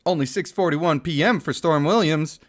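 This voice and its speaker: A man's voice: a little high, normal speed. A man in his thirties chatting casually on a livestream, reading out chat messages and laughing often. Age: 30s.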